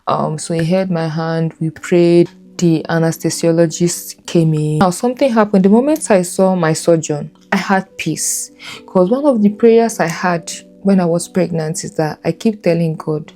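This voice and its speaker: A woman speaks in a lowish, warm and mellow voice. She recounts a personal story earnestly and emotionally, circling back over her words as she remembers. Soft music plays faintly behind her. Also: normal speed. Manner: earnest, emotional, repeats herself while recalling. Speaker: new mother telling her birth story.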